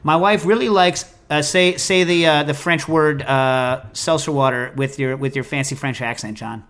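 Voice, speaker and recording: A podcast host rambles through listener questions in a loose, jokey, animated way. His voice sits a little high for a man. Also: moderate pace. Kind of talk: casual chat.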